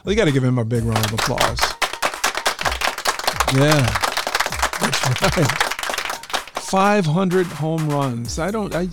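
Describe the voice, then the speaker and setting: A man's voice: medium pitch, vocal fry. A man hosting a radio show as the DJ, rambling and joking in a casual, chatty way from a studio. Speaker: radio DJ host. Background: music playing.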